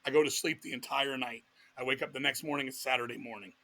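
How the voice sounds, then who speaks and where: Gravelly, bright-voiced blunt storyteller man. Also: mid-range voice, quick pace. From Virginia, US. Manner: blunt, profane, animated storyteller. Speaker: guest musician. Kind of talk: candid storytelling interview.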